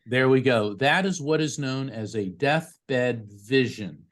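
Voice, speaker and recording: In a mid-range voice, a man acting as a psychic medium conducts a live reading for a grieving parent by video call. His speech is chatty and stop-start, cluttered with fillers and do-overs.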